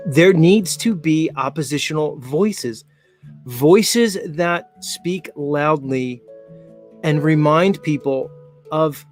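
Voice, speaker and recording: A man in his forties hosting a casual live show, rambling with many fillers and frequent laughs. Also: on the high side. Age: 40s. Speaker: show host.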